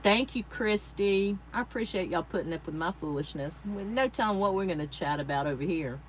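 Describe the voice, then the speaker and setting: A woman's voice: mid-range voice, lively intonation, brisk, slight background noise, poor audio. A woman hosting a casual craft livestream, chatting and thanking viewers by name with rambling asides. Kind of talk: casual live-stream chat. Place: home craft space.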